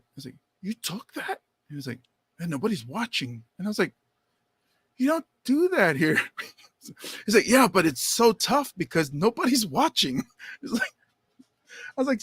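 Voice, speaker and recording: A man co-hosting a podcast, telling stories in casual chat and jumping into high quoted voices. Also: pushed and bright, dry recording, clean studio sound. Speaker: podcast co-host.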